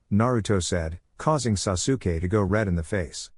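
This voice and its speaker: A man narrating a fan-fiction story as an audiobook in a steady, even reading. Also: lowish voice, moderate pace, hardly any pauses, slightly rough, dry recording, clean studio sound.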